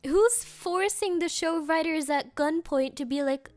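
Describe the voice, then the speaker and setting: A woman's voice: sits high, measured pace, hardly any pauses, no echo, faint music behind. A woman streamer in casual chat, rambling through sarcastic rants and laughing often.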